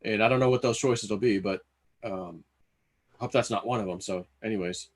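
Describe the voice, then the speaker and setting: A man's voice: fairly low pitch, normal speed, slightly rough. A man hosting a casual livestream, thinking aloud in a loose, rambling way.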